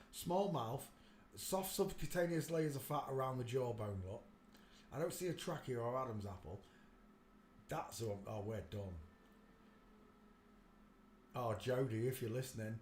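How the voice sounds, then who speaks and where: Male streamer, rambling and animated at times, roomy room sound with faint ambience. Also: mid-range voice, measured pace, long pauses, a little hiss or hum. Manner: rambling, talks to himself while searching pictures; gets loud and animated telling stories. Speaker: livestream host. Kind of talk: casual livestream commentary.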